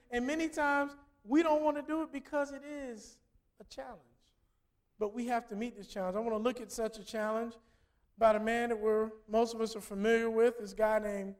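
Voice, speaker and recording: A middle-aged man preaching a conversational sermon, telling stories and acting out quoted lines. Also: extremely high pitch. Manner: conversational storytelling, acts out quotes. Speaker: pastor.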